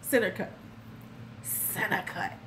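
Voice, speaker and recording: A woman mimicking a creepy, cheap older man, speaking slow and hushed with a leering tone. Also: slight background noise.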